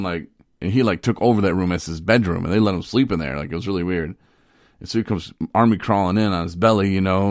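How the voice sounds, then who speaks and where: A man hosting a podcast, telling a story in a rambling, animated way and laughing often. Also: sits low, dry recording, clean studio sound. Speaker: podcast host. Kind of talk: casual storytelling.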